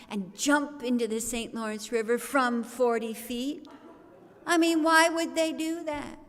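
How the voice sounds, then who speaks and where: A woman storyteller giving a comic, theatrical telling at a service in a large worship hall. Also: on the high side. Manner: theatrical, comic, expressive delivery. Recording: long reverb of a large hall.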